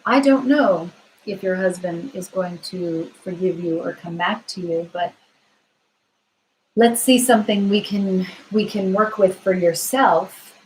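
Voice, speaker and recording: A woman tarot reader answering viewer questions on a live stream, gentle and reassuring, thinking aloud with frequent fillers. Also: on the low side, a little slow, slight background noise, poor audio.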